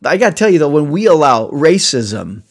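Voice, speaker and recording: A man preaching a sermon, animated and chuckling, acting out the lines of people in the story as he retells it. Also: a little high, normal speed. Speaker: pastor.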